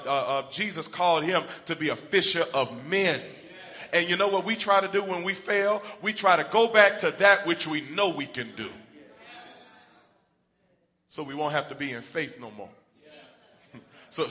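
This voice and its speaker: Man preaching a sermon, animated, acts out Bible characters, bright forceful tone. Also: on the high side, moderate pace.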